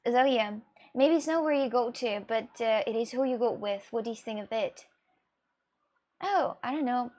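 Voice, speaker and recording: A woman from Russia with a Russian accent, a streamer chatting casually as she answers viewer questions, rambling and expressive, often laughing and swearing. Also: on the high side, normal speed.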